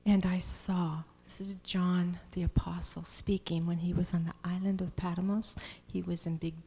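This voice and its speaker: A woman preaching a sermon in a church, reading scripture dramatically and swinging between loud cries and hushed, whispered passages. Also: fairly low pitch, little pitch movement, normal speed, slightly rough.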